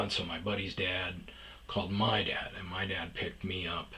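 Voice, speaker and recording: Brief: low-voiced man, rambling storyteller, heavy swearing, lots of restarts. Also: flat delivery, moderate pace, pushed and bright, poor audio. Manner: rambling, profane, self-interrupting. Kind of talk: casual spoken storytelling.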